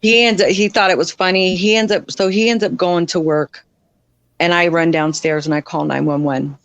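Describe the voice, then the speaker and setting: A woman, a podcast guest, telling a hard personal story in a frank, blunt way, with many fillers and quick voice shifts when she quotes others. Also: on the low side, steady tone, dry recording.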